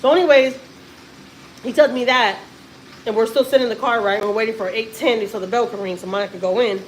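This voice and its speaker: A woman's voice: a little high, fairly quick, slight background noise, poor audio. Rambling, emphatic woman vlogger. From Texas. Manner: rambling and emphatic, swears casually. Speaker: family vlogger and mother. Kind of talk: casual live-stream storytelling.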